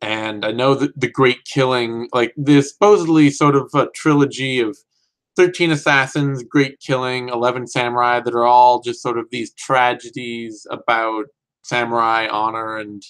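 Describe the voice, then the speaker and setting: A man talks through last week's films in a loose, unscripted way. He keeps correcting himself in mid-sentence, and his enthusiasm carries the talk. His voice sits at an ordinary middle pitch. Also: fairly bright tone, poor audio. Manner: rambling, self-correcting, enthusiastic. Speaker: film review host. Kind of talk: casual spoken film review.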